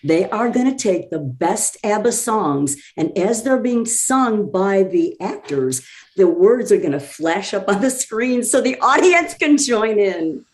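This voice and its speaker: A woman's voice: mid-range voice, big pitch swings, unhurried. A woman talking enthusiastically as a podcast guest, effusive and chatty. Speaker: guest promoting a community theater show. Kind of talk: casual chat.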